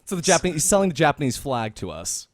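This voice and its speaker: A man's voice: fairly high pitch, very animated. A young man co-hosting a casual podcast, playful and stammering as he jokes along. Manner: stammering, playful, quick to joke. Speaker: podcast co-host. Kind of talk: casual chat.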